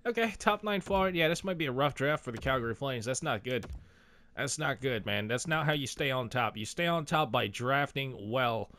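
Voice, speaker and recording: A young man giving casual, excitable commentary on his own video game play, talking to himself and swearing now and then. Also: medium pitch, normal speed, dry recording. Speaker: gaming YouTuber.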